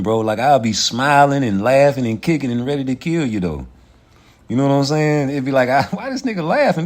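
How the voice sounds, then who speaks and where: A man hosting a casual livestream, ranting in a profane, animated way and laughing often. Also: mid-range voice. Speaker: livestream host.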